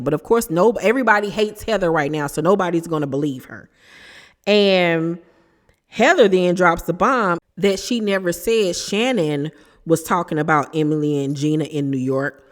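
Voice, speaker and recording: A woman's voice: on the low side, normal speed, in a large hall. A woman hosting a casual, opinionated recap of a reality show, talking in a chatty, emphatic way with sassy asides.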